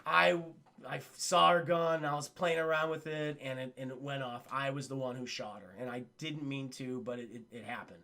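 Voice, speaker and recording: A man voicing a young male cartoon gargoyle who stammers out a guilty, hushed apology. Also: fairly high pitch, level tone, normal speed, pitched below the performer's own voice.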